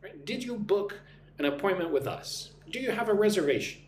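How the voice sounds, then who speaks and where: The live-stream host, an American man teaching English, speaks fairly quickly in a high, expressive voice. In an echoey space with a faint hum, he says hello to viewers by name and gets them repeating phrases.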